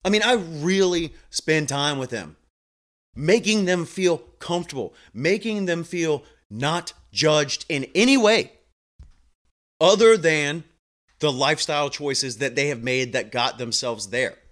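A man's voice: on the high side, lively intonation, measured pace, fairly bright tone. A man telling a story about his patients in a blunt, emphatic, casual monologue. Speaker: home health clinician.

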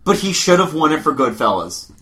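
A man's voice: a little high, sing-song, fairly quick, bright, forceful tone. A man hosting a casual chat podcast, reading out listener opinions in a sardonic, opinionated way. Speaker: podcast host.

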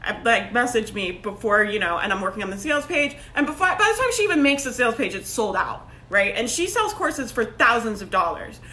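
A woman's voice: on the high side, sing-song, brisk, hardly any pauses, sharp tone. A woman giving a motivational group coaching talk as a business coach, emphatic and rallying, tagging her lines with "like" and "right?".

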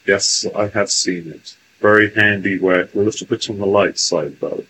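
A man speaking formally in a stilted, deliberate way as the voice in a channeling session, telling a joke and chatting with guests. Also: lowish voice, steady tone, bright, forceful tone, a little hiss or hum, low-quality recording.

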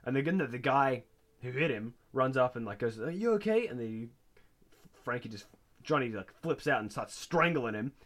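A man co-hosting a podcast, casually retelling a TV episode and jumping into high, excited voices for the characters. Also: normal speed. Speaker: podcast co-host. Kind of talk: casual chat recapping a TV episode.

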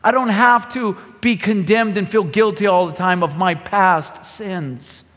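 A man preaching a sermon as pastor, building to loud, impassioned bursts when reading scripture. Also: high-pitched, measured pace. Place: church sanctuary. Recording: long reverb of a sanctuary.

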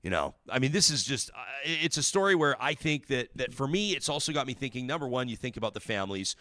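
A man hosting a talk show, commenting on news in a casual, animated and indignant way with many restarts. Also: mid-range voice, quick pace, no room sound, studio quality.

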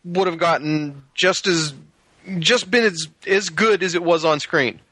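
Male co-host, bright and forward, deadpan quips, dry studio sound. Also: a little high, a little slow, dry recording. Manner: dry joking asides. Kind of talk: casual movie chat.

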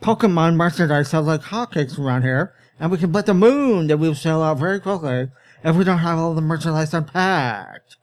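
A man's voice: a little high, lively intonation, normal speed, lightly acted. A man voicing a scheming, bossy, balding store owner while reading a story aloud. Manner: sly, bossy.

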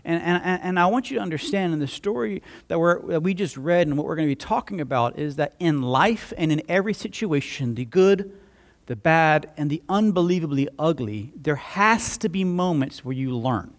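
A man with a slightly higher voice than most men preaches to his congregation. He delivers the sermon as lively, conversational storytelling and acts out the dialogue of the people in his story. The talk flows casually from anecdote to lesson. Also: brisk, few pauses. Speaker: pastor.

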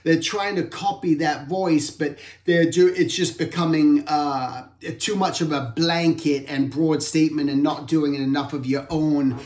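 A man's voice: on the high side, fairly even intonation, unhurried, hardly any pauses, darkish tone. A man giving an informal art talk, reflective and rambling, often correcting himself mid-sentence. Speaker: art instructor. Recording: roomy echo.

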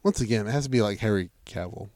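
A man's voice: on the low side, fast talker, a little mellow, no echo. Man cracking crude podcast jokes. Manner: profane, laughing, acts out imagined dialogue. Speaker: podcast co-host. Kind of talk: crude casual banter.

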